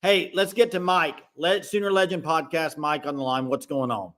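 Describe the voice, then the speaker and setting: A man hosting a casual sports podcast with live call-ins, talking in animated bursts with quick restarts. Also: fairly high pitch.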